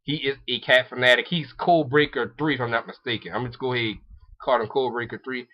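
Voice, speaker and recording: A young man talks through an anime episode in a loose, rambling recap, stumbling over words and filling gaps with ums. His voice sits at a mid pitch. The recording sounds dull and lo-fi. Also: steady tone, fast talker. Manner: rambling, many ums and restarts, laughs often. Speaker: anime reviewer.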